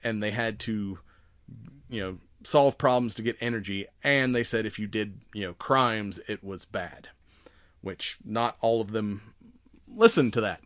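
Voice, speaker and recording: A man's voice: on the low side, measured pace, a bit bright, no room sound, studio quality. A man hosting a podcast in casual chat, rambling with lots of laughs and swearing. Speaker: podcast host.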